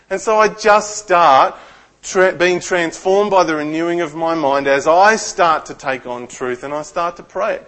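Australian pastor preaching conversationally. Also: male voice, on the high side, a little slow, fairly bright tone. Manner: storytelling, conversational, asks the congregation questions. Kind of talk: sermon.

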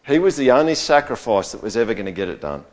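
Conversational preacher. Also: male voice, very animated, quick pace. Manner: conversational, checks in with the audience, swings from low to loud. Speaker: pastor. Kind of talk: sermon.

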